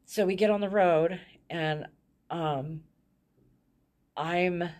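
A woman's voice: fairly low pitch, very slow, darkish tone. A woman frankly telling her own life story as a guest, often laughing in the middle of her sentences. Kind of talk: candid personal storytelling.

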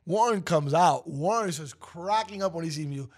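A man in his forties who co-hosts a radio show talks at a moderate pace, his voice sitting on the high side. He tells a story in relaxed conversation, animated throughout and voicing the quoted lines loudly.

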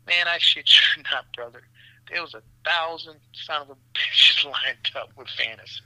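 A man, a physician guest, telling stories in an animated, profane way, laughing often and calling the listener "man" and "brother". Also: a little high, moderate pace, dry recording, low-quality recording. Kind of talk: animated storytelling in a podcast interview.

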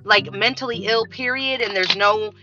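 A woman hosting a podcast, talking bluntly in a candid, profane monologue with animated storytelling. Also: medium pitch, normal speed. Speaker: podcast host. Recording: dull lo-fi recording with faint music.

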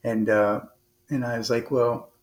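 A man's voice: mid-range voice, moderate pace. A man who is a former naval officer and podcast guest, telling a long story in an earnest, conversational way, full of restarts and fillers. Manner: rambling, frequent restarts and fillers; earnest, animated retelling with quoted dialogue.

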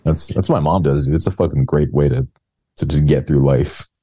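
A man's voice: rumbling low, a little fast, dark tone, breathy edge. A man in casual podcast chat who tells rambling, profane anecdotes.

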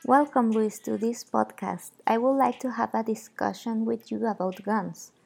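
A fairly high-pitched woman in her thirties with a Mexican Spanish accent hosts a podcast, reading her lines carefully in a gravelly, fry-tinged voice. Faint music plays under her. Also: steady tone, normal speed, a little mellow. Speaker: podcast host. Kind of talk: scripted podcast hosting.

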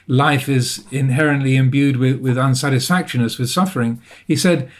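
A man with a somewhat high voice tells a personal story as an interview guest. He is reflective and self-deprecating, and often pauses to rephrase.

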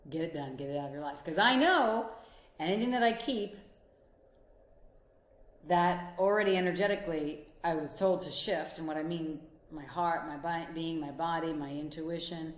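A woman's voice: deep voice, moderate pace, roomy sound. A woman who works as a life coach and couples therapist, giving a motivational talk and speaking straight to the listener in an earnest, encouraging way. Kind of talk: motivational monologue.

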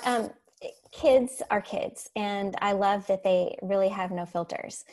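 A woman teacher telling classroom stories in a casual, animated way, laughing as she goes. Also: mid-range voice. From Florida. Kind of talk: casual storytelling on a podcast.

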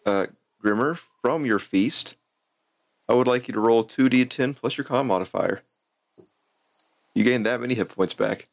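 A man acting as game master, describing scenes and calling for rolls in a relaxed way. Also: mid-range voice, moderate pace, vocal fry, pauses often, dry recording. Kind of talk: narrating a tabletop game.

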